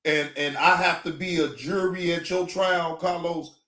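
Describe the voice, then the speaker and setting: A man hosting a casual reaction stream, ranting in an animated, emphatic and joking way. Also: on the high side, measured pace. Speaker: streamer host.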